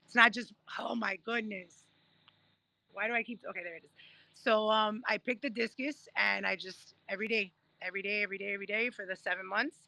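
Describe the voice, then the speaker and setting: A woman in her thirties, a guest telling her story in a casual interview, animated and acting out what others said. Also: mid-range voice, quick pace, gravelly, dry recording. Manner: animated, acts out quoted voices while telling stories. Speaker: guest, Paralympic discus thrower.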